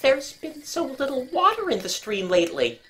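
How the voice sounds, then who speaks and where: A nervous, secretive genteel lady, as a woman reads her, anxious and pleading in a storybook reading. Her voice climbs high and moves a lot. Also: sing-song, normal speed, slight background noise. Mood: uneasy.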